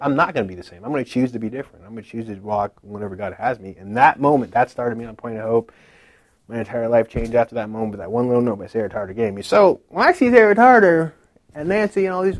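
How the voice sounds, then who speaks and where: A man's voice: medium pitch, expressive, fast talker, no echo. Man telling a chatty testimony, dry sound. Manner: chatty storytelling that acts out what others said, with many "like" fillers. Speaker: speaker giving a testimony at a conference. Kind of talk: casual personal testimony.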